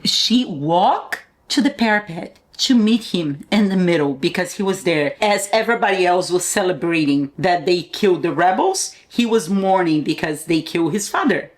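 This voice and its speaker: A woman's voice: on the low side, lively intonation, moderate pace, hardly any pauses. A middle-aged woman reacting to a fantasy novel, exclamatory and close to tears between bursts of laughter. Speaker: mother reading the books. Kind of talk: emotional reading reactions.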